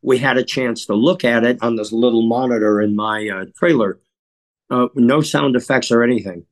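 A man from Chicago, USA, appears as an interview guest and tells reflective stories in a measured, earnest way, often clearing his throat. His voice is medium-pitched.

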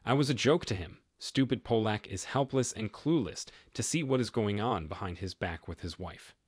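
A man narrating a first-person story in a deadpan, matter-of-fact manner. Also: on the low side, moderate pace, husky, no room sound, clean studio sound.

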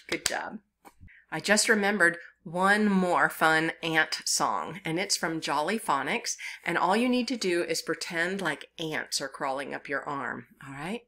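A woman's voice: sits low, measured pace, bright, forceful tone. A woman with a Southern US accent leading a children's story time as a librarian, talking in a playful, sing-song way and coaxing young listeners to join in.

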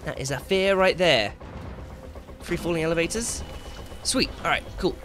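A man giving excitable let's play commentary, swearing and shouting at the game as he plays. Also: a little high, moderate pace. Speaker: gaming channel host. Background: game music and sound effects.

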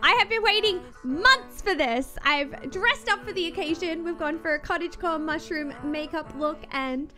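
A young woman streaming a game, gushing and excitable, swearing casually as she reacts. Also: extremely high pitch, moderate pace, hardly any pauses, over music. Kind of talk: gaming reaction commentary.

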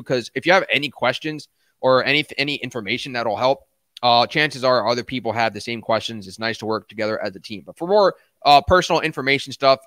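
A young man with a mid-range, fairly bright voice runs a casual crypto livestream, calling his viewers man and dude. Laid-back most of the time, he swears and flares into ranting outbursts. Dry, clean studio recording.

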